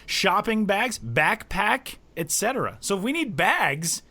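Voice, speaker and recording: A man with a hoarse, cold-roughened voice co-hosting a podcast at home, rambling and joking with plenty of fillers. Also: high voice, very animated, a little slow, pushed and bright. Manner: rambling and self-deprecating, many fillers. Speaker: podcast co-host. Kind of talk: casual podcast chat.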